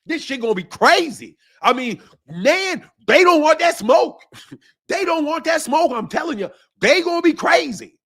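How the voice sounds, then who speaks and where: A man doing an excited impression of a male boxing commentator, repeating himself and building hype. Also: very high-pitched, moderate pace, pitched above the performer's own voice, full character voice. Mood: hyped. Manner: repeats "look, look" in a rising excited voice.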